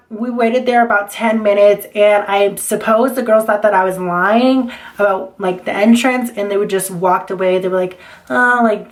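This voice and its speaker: Young woman vlogger, casual storytime, chatty and profane, mid-pitched. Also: a little hiss or hum. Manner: chatty, swears freely, acts out the dialogue she retells.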